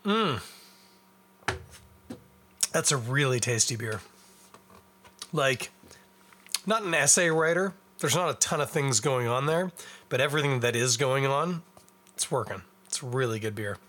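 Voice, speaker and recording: A young man with a Canadian accent and a bright, forward tone talks at a middling pitch. He hosts a podcast alone and chats in a loose, rambling way, poking fun at himself as he goes. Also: animated, unhurried, pauses often. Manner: rambling, self-deprecating, chatty while eating and drinking. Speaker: podcast host. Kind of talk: casual solo podcast chat.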